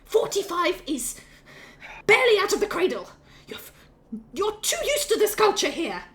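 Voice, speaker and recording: A woman's voice: on the high side, sing-song, a little fast, a bit bright. A woman voicing a fierce, protective mother who calls everyone darling sweetly, then threatens them. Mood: scolding.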